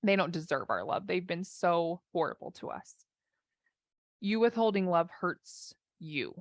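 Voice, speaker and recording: A woman life and marriage coach giving an animated, conversational talk, acting out inner voices as she goes. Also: lowish voice, unhurried, no room sound, clean studio sound.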